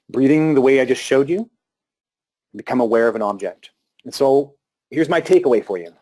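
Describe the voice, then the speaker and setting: A man giving a live talk to an audience about meditation and breathing, speaking calmly with pauses and restarts. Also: mid-range voice.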